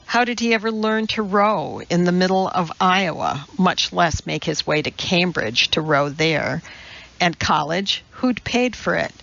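A woman reading a novel aloud as a narrator, in a slow, measured way. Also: on the low side, lively intonation, vocal fry, fairly bright tone. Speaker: audiobook narrator. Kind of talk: scripted narration. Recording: dull lo-fi recording.

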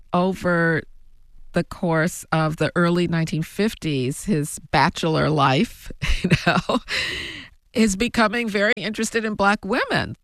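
A woman telling her family story as an interview guest, reflective and given to soft laughs. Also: on the low side, dry recording, clean studio sound. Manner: slow, reflective, laughs softly between thoughts. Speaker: guest, author.

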